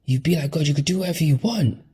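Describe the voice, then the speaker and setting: A man voicing a smooth-talking male snake that tempts in a low, hushed, coaxing way in a casual retelling. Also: fast. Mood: tempting.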